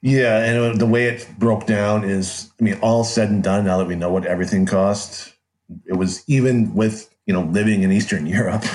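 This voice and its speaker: A man's voice: deep voice, darkish tone. Rambling, self-interrupting man. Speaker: guest. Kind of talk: casual conversational storytelling.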